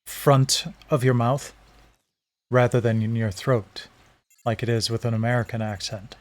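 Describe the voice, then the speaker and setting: Unhurried and fairly even in intonation, a mid-range male voice provides relaxed commentary while livestreaming a game. He puts on a British-leaning accent and rambles, restarting often and leaning on fillers.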